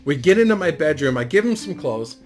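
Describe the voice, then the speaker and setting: A man's voice: fairly high pitch, expressive, brisk, faint music behind. Rambling, profane middle-aged storyteller man. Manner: rambling, profane, laid-back delivery with frequent fillers. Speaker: YouTube storyteller. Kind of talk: casual storytime monologue.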